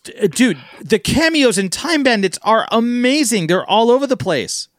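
A man's voice: very high-pitched, sing-song, moderate pace, no echo, clean studio sound. A man co-hosting a casual podcast, chatty and a bit foul-mouthed. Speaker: podcast co-host. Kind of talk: casual chat.

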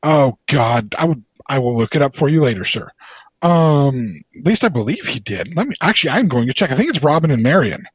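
A man's voice: mid-range voice, big pitch swings, fairly quick, breathy edge, no room sound. A man hosting a casual podcast chat, rambling with lots of hesitations. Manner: rambling, many fillers and hesitations. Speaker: podcast host. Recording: dull, lo-fi sound.

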